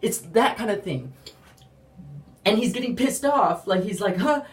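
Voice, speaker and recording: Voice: mid-range voice, a little slow. A speaker giving a casual faith testimony, rambling with lots of "like" and acting out quotes animatedly. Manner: rambling, heavy use of "like"; animated storytelling with acted-out quotes. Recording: roomy, distant from the mic.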